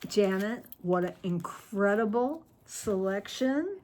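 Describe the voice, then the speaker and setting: A woman vlogger opening fan mail on camera, gushing and excitable, chatting to her viewers and her cat and trailing off mid-sentence. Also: medium pitch, slow, a little hiss or hum. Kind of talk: casual chat to camera.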